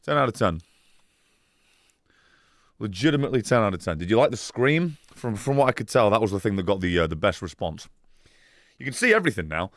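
A man's voice: fairly low pitch, sing-song, a little fast, pauses often, no room sound, clean studio sound. A man casually chatting on a live stream, rambling and swearing, laughing often as he reads chat.

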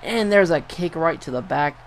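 A young man giving casual play-by-play commentary over a wrestling video game, getting excited and swearing at big moves. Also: a little high, moderate pace. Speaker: gameplay commentator.

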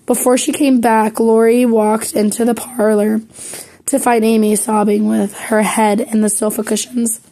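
A woman's voice: fairly high pitch, little pitch movement, unhurried, mellow. Woman reading a classic novel aloud. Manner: plain reading with some slips and self-corrections. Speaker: audiobook reader. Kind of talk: amateur audiobook reading.

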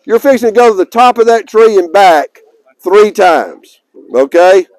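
A man's voice: sits high, lively intonation, a little slow, darkish tone, no room sound, rough recording. A man, a tournament director giving folksy, joking announcements to players outdoors in a park, raising his voice to carry.

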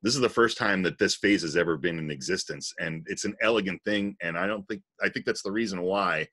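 A man's voice: deep voice, brisk, sharp tone. A man commentating on magic footage, earnest and explanatory.

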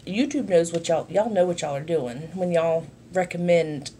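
A woman's voice: lowish voice, moderate pace, dark tone, slight background noise. A woman, chatting casually and rambling with asides while she does her makeup for a vlog. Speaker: vlogger. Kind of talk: casual sit-down chat while doing makeup.

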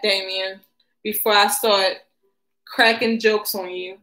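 Chatty woman, bright voice. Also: medium pitch, little pitch movement, unhurried, low-quality recording. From Baltimore. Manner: chatty, addresses viewers in slang. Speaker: livestream host. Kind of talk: casual live-stream chat.

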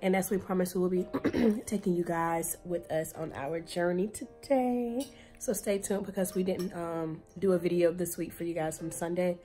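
A young woman with a hoarse, deep morning voice, chatting casually to her viewers in a vlog, recorded on a handheld phone. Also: fairly even intonation, moderate pace, dark tone, soft background music. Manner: chatty, laughing often, addresses viewers as y'all. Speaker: vlogger.

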